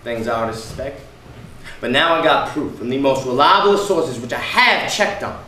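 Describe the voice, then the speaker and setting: An actor playing a brash, mocking working-class husband who taunts and bullies, in an amateur stage play. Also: male voice, mid-range voice, expressive, moderate pace, a little hiss or hum, lightly acted. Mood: sneering. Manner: sneering, taunting, forceful. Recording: echoey room, distant mic.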